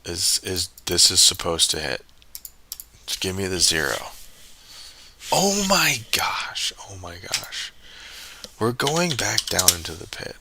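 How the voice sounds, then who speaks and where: A man's voice: low-pitched, unhurried, creaky, background noise. A man live-streaming a roulette-style game, muttering to himself and grumbling when bets miss. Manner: muttering, frustrated, talks to himself. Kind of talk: casual live-stream commentary while playing.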